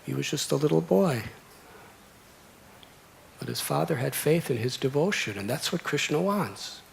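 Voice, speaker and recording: A man's voice: fairly high pitch, animated, normal speed, vocal fry, a little hiss or hum. A monk in his sixties telling a devotional story in a temple sermon, fond of repeated lists. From United States. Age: 60s. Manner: storytelling with repeated, listed phrases. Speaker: monk giving a discourse.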